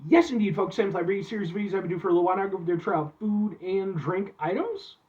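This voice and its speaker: A man from Illinois reviewing frozen food from a chair in his back room, talking to his viewers in an excitable, chatty way. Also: sits high, a little fast, highs cut off. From Illinois, USA. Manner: excitable, chatty, keeps addressing viewers as folks. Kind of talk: casual food review vlog. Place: back room at home, seated.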